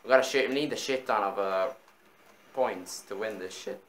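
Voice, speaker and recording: A man in casual gaming banter, excitable, swearing often and repeating himself while he plays. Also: lowish voice, moderate pace, roomy sound. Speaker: gamer.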